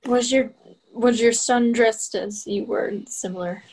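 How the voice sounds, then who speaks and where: A woman playing a tabletop game, asking questions with quick restarts. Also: on the high side, steady tone, darkish tone, breathy edge, rough recording. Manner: inquisitive, stumbling restarts. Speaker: player.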